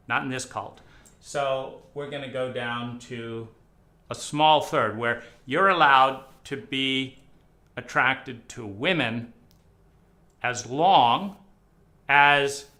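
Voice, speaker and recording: Slow, bright-voiced man lecturing sardonically. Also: mid-range voice. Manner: sarcastic, mocking with dramatic swings in loudness. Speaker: speaker on psychedelics. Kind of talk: lecture-style monologue.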